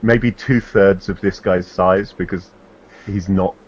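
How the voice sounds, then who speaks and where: A man's voice: sits low, fairly even intonation, takes it slowly, a little mellow, husky. A man playing a tabletop game, thoughtfully explaining his character's moves. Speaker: player. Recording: dull lo-fi audio with faint noise.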